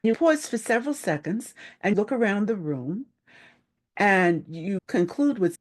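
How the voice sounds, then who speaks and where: A woman leadership coach giving a live-stream talk, speaking slowly and deliberately with planned pauses. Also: mid-range voice, lively intonation.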